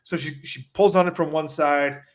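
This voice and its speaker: A man with a somewhat higher voice for his sex spins a rambling, animated story on a casual podcast. He talks loosely and leans on "like" as he goes, with the easy tone of a co-host chatting with a friend. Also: a little fast. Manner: animated storyteller, heavy use of "like".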